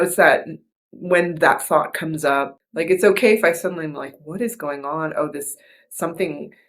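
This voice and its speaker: A woman hosting a podcast, reflecting in casual chat, soft and earnest, with many restarts and fillers. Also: low-pitched. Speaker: podcast host.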